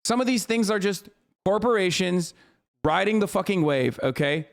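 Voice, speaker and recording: A man's voice: high voice, lively intonation, moderate pace, creaky. A man in his thirties, a streamer, ranting in exasperated casual commentary with lots of swearing. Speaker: streamer reacting to a clip.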